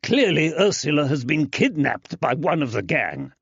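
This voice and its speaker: Man voicing a furious blustering gentleman, shouting, high strained voice, audiobook, dull dry sound. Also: big pitch swings, normal speed, slightly rough, dry recording, exaggerated voice. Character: blustering angry gentleman father, shouting denials. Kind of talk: audiobook character voice.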